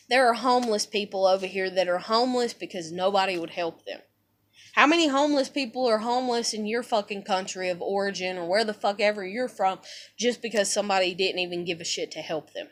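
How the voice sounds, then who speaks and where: A young woman from the United States rants angrily to camera about something personal, sounding profane, exasperated, and emphatic. Her voice is medium in pitch and her delivery brisk.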